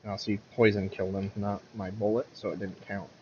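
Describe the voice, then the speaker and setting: A man's voice: on the low side, little pitch movement, a little fast, lo-fi sound, a little hiss or hum. Rambling man commentating his gameplay. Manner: rambling, self-correcting, mutters at the game. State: has the hiccups.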